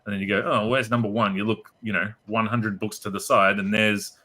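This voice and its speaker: A man's voice: fairly low pitch, flat delivery, a little fast, pushed and bright. A man hosting a casual panel chat, a playful, teasing storyteller. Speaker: host.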